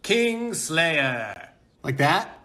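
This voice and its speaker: A man's voice: high-pitched, sing-song, normal speed, a bit bright. A man doing a chirpy gossip show host. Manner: bubbly announcer patter, overeager.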